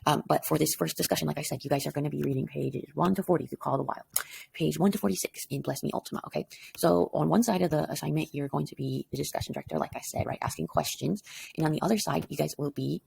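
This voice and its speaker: A woman's voice: low voice, steady tone, fast, gravelly, a little mellow, husky. A tired woman teacher explaining an assignment in a recorded lesson, rambling casually and checking in with "okay?". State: tired, up before dawn.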